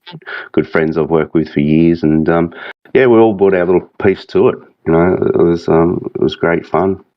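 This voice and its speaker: A man's voice: deep voice, steady tone, moderate pace, no echo, dull audio. A man with a thick Australian accent, chatting as a podcast guest in a rambling, laid-back way. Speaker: guest, game mod creative director. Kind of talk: casual podcast chat.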